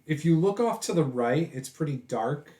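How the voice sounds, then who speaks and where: A man runs a tabletop session as game master, his pitch swinging widely as he talks. He describes the scene with lively energy and laughs easily. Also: moderate pace.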